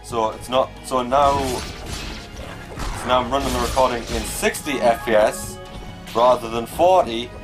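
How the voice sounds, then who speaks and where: A man giving casual let's play commentary, swearing and yelling at the game. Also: mid-range voice, a little slow. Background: faint game music.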